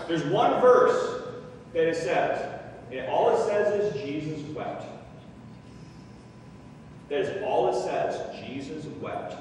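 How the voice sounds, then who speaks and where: Pastor preaching to his congregation, lively and questioning; higher male voice, heard far off in a reverberant sanctuary with faint ambience. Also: slight background noise. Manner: animated, mimics dismissive comforters, asks the congregation questions. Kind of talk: sermon. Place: church sanctuary. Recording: echoey church hall from far off.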